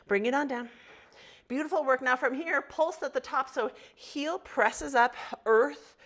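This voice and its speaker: A woman's voice: high voice, a little slow, a bit bright. A woman teaching a yoga class, cueing poses and breath with encouraging, motivational talk and spoken affirmations. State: slight frog in her throat. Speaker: yoga instructor. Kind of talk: guided yoga class instruction.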